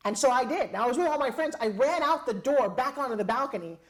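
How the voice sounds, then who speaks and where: A middle-aged woman recounts a personal story with lively, dramatic delivery. She slips into the voices of the people she quotes, and her pitch rises and falls across the telling. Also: fast talker. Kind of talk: animated storytelling.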